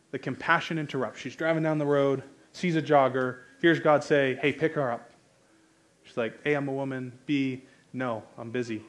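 A man in his thirties with an American accent preaches in a medium-pitched voice. His sermon is conversational and joking, building into loud, emphatic bursts.

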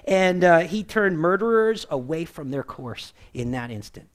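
Man preaching conversationally, fairly high voice. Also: animated, a little slow. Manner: conversational, keeps asking "right?"; acts out quoted voices with shifts in pitch and loudness. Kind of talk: sermon.

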